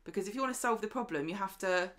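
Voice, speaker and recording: A woman's voice: mid-range voice, very fast, a bit bright. A woman co-hosting a podcast, chatting casually and acting out characters' lines as she retells the plot. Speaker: podcast co-host. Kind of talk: casual chat recapping a soap.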